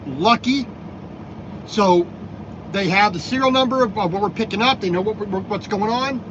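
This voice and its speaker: A man's voice: high voice, normal speed. A man from Minnesota vlogging from his truck cab, making wry, grumbling remarks about other drivers and his loads. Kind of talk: casual vlog commentary while driving. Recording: dull lo-fi sound with loud road noise.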